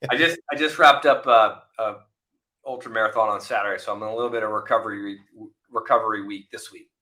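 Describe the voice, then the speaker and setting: Bright-voiced man telling war stories. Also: lowish voice, quick pace. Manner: animated storyteller, acts out voices in anecdotes. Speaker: podcast guest, former Navy SEAL officer. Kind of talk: casual interview chat.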